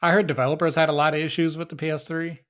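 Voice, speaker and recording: Man, slightly higher voice, easygoing podcast co-host, casual chat. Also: little pitch movement, racing. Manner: easygoing, laughs often, hesitant fillers.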